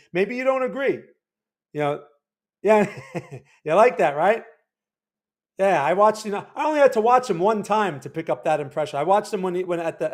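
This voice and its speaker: A man hosting a livestream, casually talking through market charts and checking in with viewers. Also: fairly high pitch. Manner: loose, conversational, keeps checking in with viewers. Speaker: livestream market analyst host.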